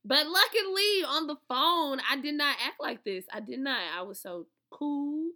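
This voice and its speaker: A young woman with a high voice vents to her viewers in a profane, animated storytime. Her tone is very bright and cutting. She swings between loud outbursts and low, calmer stretches. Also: measured pace. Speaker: vlogger, author promoting an ebook. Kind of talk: casual storytime rant to viewers.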